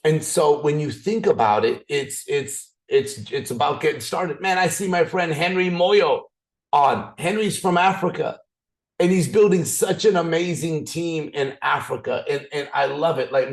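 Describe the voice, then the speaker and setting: A raspy man leading a motivational training call, excitable, swinging up and down and restarting his sentences often. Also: a little slow. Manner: excited, repetitive, frequent restarts; swings up and down in pitch. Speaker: business opportunity trainer.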